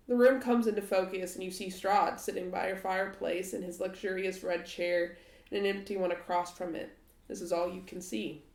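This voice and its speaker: A woman narrating a tabletop game as game master in a measured, descriptive way. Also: on the low side, creaky. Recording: echoey room.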